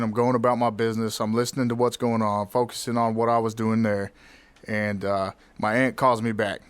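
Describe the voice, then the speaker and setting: A man hosting a podcast, telling a personal story in a reflective, candid way with halting restarts. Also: medium pitch, clear, resonant tone. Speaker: podcast host.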